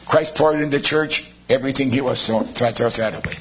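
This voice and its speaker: Husky-voiced man preaching a sermon. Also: medium pitch, brisk, a bit bright. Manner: preaching with rhetorical questions, sarcastic asides. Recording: dull lo-fi sermon recording.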